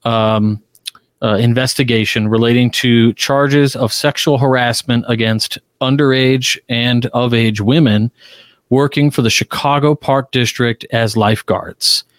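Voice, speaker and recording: A man's voice: medium pitch, a little slow, dry recording, studio quality. A man co-hosting a casual podcast panel discussion, talking emphatically with lots of restarts. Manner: emphatic, animated, frequent restarts. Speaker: podcast co-host. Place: Chicago.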